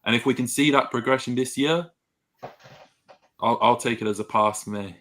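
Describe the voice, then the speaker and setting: A man on a footy podcast panel, talking in a measured way with plenty of hedging fillers. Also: mid-range voice, a bit bright. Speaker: guest fan panelist. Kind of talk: casual footy chat.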